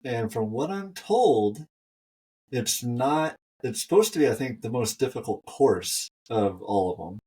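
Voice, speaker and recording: A man's voice: mid-range voice, expressive, a little slow, warm tone, slightly rough. A man co-hosting a running podcast, chatting casually and trailing off with fillers. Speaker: podcast co-host. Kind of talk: casual chat. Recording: voice a bit far from mic.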